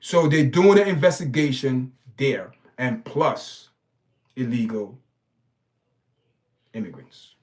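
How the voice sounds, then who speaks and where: A man's voice: mid-range voice, expressive, slow, long pauses, darkish tone. A man hosting his own stream, giving preachy, emphatic commentary full of repeated words and restarts. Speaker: channel host. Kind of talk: opinionated commentary livestream.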